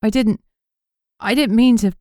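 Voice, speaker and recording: A woman's voice: mid-range voice, expressive, a little fast, darkish tone, clean tone, no echo, studio quality, voice pushed up, natural voice. A woman voicing a shaken but stubborn young heroine, talking in urgent, breathless bursts. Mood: distressed.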